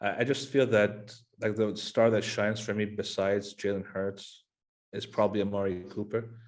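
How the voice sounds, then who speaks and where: A man's voice: fairly low pitch, level tone, moderate pace. A man hosting a casual fantasy football podcast, asking his cohosts questions in a playful, joking way. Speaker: podcast host.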